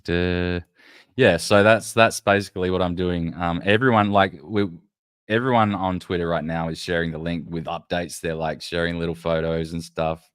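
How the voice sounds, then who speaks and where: A man's voice: low-pitched, smooth, no room sound, studio quality. A man hosting a casual livestream, rambling loosely and swearing as he chats with his viewers. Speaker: livestream host.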